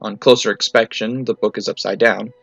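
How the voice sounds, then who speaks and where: A man reading tabletop game stories aloud in a clipped, matter-of-fact, deadpan way. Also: on the low side, fairly quick, vocal fry, no echo. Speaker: narrator reading fan stories. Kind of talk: storytelling reading. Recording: slightly muffled, faint music.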